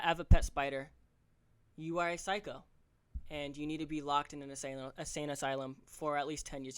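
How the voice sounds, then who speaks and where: A young man hosting a solo podcast, ranting fast and profanely, tripping over his words with stammers and restarts. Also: fairly high pitch. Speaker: podcast host.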